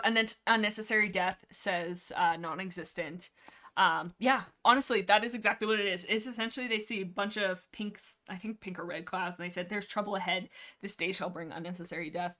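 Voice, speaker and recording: Young woman, livestream host, rambly and giggly, bright clear tone, casual chat. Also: medium pitch. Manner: rambling, chatty, laughs often. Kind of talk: casual book discussion livestream.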